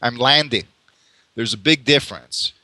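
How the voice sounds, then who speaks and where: Guy rambling thru big spiritual ideas, bright voice, dry close sound. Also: mid-range voice, normal speed, dry recording. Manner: musing, repeats and restarts, laughs often. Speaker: spiritual teacher in conversation. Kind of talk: casual philosophical conversation.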